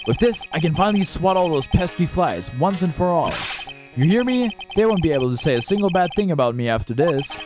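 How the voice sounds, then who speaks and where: A man's voice: fairly high pitch, sing-song, brisk, music in the background, voice pushed up. A man voicing a haughty, scheming older woman with a formal, imperious way of speaking. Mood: gloating.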